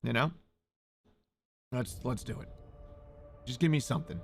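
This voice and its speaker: A man live-streaming who talks loudly and excitably, swearing and greeting viewers in chat. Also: medium pitch, measured pace, creaky, soft background music.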